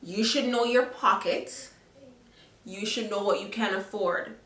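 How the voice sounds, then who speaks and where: Bright-voiced Jamaican woman vlogging casually. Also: medium pitch, a little slow. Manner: chatty, frank, asks the viewers "okay?". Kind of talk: casual advice chat to camera. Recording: roomy echo, a little far from the mic.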